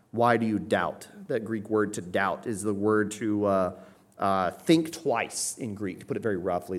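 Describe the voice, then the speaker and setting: A man delivers an expository sermon, walking his listeners through a passage in plain, explanatory terms. He often pauses to check that they are following. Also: lowish voice. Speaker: preacher.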